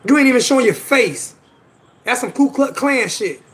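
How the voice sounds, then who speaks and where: High-voiced man ranting on a livestream. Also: animated, normal speed, fairly bright tone. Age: adult with children. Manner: emphatic, repeats himself, slangy. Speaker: livestream host. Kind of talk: casual livestream chat.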